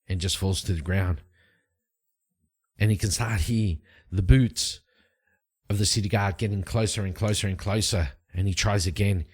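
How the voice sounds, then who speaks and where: A man's voice: low-pitched, a little mellow. A man narrating a solo tabletop game in a casual, rambling way, with frequent fillers.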